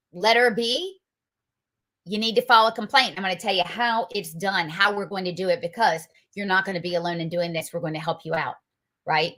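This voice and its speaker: A woman hosts a political commentary show, talking in an emphatic, combative way. She keeps throwing rhetorical questions at her listeners. Her voice is bright and sharp, sitting at an ordinary pitch for a woman. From North Carolina, US.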